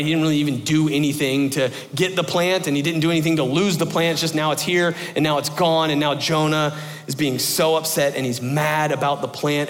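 A man preaching a sermon in an animated, conversational way, stressing points by repeating them. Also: mid-range voice, in a large hall. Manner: animated, conversational, emphatic repetition.

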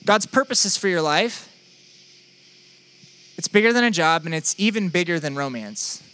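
A man's voice: high-pitched, lively intonation, normal speed, pushed and bright, clean tone. A young man preaching a sermon in a conversational, playful, self-deprecating way. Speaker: pastor.

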